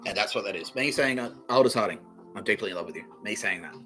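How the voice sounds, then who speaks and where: A man with a lowish but sharp, bright voice hosts his own solo podcast, talking straight into a camera. He rambles and swears, often correcting himself mid-thought. Faint music sits underneath. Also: fast. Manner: profane, rambling, self-contradicting. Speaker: podcast host.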